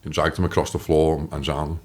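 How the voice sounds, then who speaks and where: A man in his thirties with a Liverpool accent, telling his story as a podcast guest, animated and swearing, acting out what others said. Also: rumbling low, fairly quick. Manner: animated, swears, acts out quotes. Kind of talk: casual storytelling.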